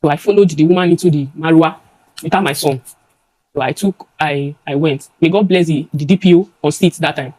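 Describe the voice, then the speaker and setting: Fast-talking young Nigerian woman testifying. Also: sits low, dark tone, poor audio. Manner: fast, halting, many restarts and repeated words. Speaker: complainant before a judge. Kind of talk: emotional testimony.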